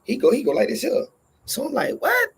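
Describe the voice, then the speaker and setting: A man telling a profane workplace story in casual storytelling style, animated and acting out every line of dialogue. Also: extremely high pitch, brisk, vocal fry, breathy edge.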